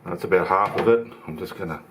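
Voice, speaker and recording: Low-voiced man hosting a relaxed cooking demo. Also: fast talker, a little hiss or hum. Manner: relaxed, chatty, talks through each step. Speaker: home cooking channel host. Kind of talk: casual cooking demonstration. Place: home kitchen.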